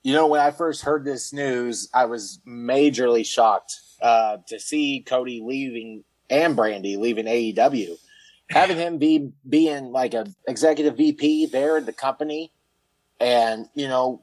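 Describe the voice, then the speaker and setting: A man co-hosting a wrestling podcast, chatting in a relaxed way and laughing easily. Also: medium pitch, a little slow, dry recording, rough recording. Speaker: podcast co-host. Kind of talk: casual podcast chat.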